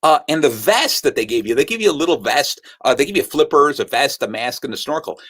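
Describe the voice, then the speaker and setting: Quick-paced and somewhat high in pitch, a male sales speaker delivers a story, lively in manner and acting out what others said.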